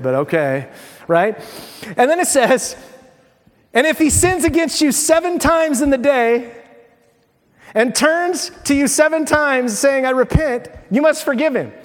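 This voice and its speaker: A man's voice: high-pitched, big-room sound. A man preaching a sermon as pastor, reading scripture and telling humorous everyday stories in a conversational way.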